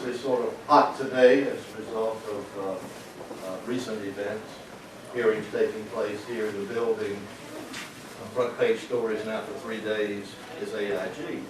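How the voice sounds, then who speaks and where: Older man, economics lecturer, folksy storytelling, asks the room questions; roomy far-off mic. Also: medium pitch. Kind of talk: anecdotal lecture to a live audience. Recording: echoey lecture room from a distant mic, noisy.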